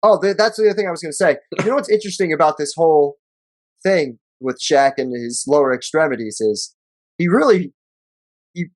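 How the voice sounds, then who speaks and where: A man's voice: on the high side, lively intonation, fairly quick, no room sound. A man co-hosting a sports podcast, joking and swearing casually, reading out news articles. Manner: joking, profane, reads articles aloud. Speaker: podcast co-host.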